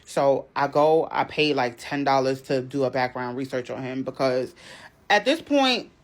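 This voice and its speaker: Animated woman telling a dating story. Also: normal speed. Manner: animated, dramatic retelling with sudden high outbursts. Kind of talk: casual storytime vlog.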